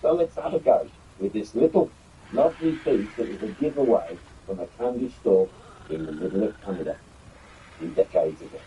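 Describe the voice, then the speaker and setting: An older man talks through a history prop in a relaxed, rambling way. His voice is deep and dark, moving widely up and down in pitch. A faint hum of background noise sits under him. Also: normal speed, poor audio. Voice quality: chatty, rambling with fillers. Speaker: YouTube history host. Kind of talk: casual show-and-tell presentation.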